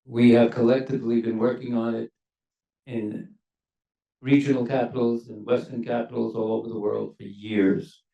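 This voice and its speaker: An older man, a former ambassador, speaking on a university panel in a measured, emphatic way that leans on key words. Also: mid-range voice, flat delivery, creaky, dull audio. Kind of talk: panel discussion remarks. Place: university lecture hall. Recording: echoey hall, mic at a distance.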